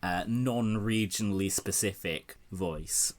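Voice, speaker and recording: A man's voice: low voice, slow. A man hosting a casual political chat, sardonic and swearing freely. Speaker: podcast host.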